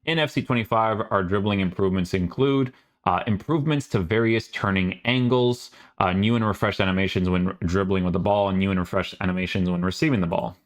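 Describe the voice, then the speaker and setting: A gaming YouTuber reads game update notes aloud, reacting casually with sarcastic asides and many fillers. He speaks a little fast in a low voice.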